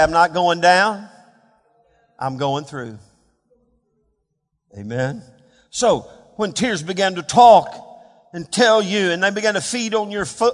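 A man preaching a sermon as pastor, dropping to hushed murmurs and rising to loud, fervent shouts of scripture. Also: sits high. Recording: long reverb of a large hall.

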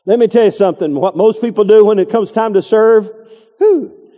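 A man's voice: high voice, fast, mellow, long reverb tail. A middle-aged man preaching a folksy, digressive sermon, acting out quotes along the way. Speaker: pastor.

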